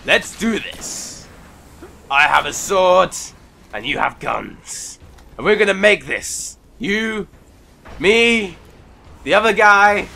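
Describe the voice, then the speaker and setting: A teenage boy commentating his own gameplay in a goofy, trash-talking way, sniffly from a cold, swinging from mumbled asides to excited yells. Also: high-pitched, vocal fry. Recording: noisy home recording.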